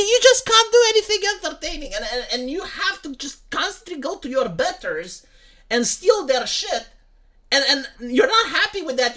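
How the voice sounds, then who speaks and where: Heated profane man with a bright voice. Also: very high-pitched. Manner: heated, profane, repeats "like" and "right?". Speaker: commentary streamer. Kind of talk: ranting commentary.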